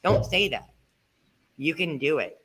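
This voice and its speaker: A man's voice: a little high, expressive, a little slow, sharp tone, breathy edge. A man talking eagerly and encouragingly about a group ride in a casual chat.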